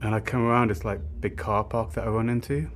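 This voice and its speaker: A man's voice: on the low side, fairly even intonation, a little fast, a little hiss or hum. A young man telling a rambling, sweary story, with lots of filler words. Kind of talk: casual storytime monologue.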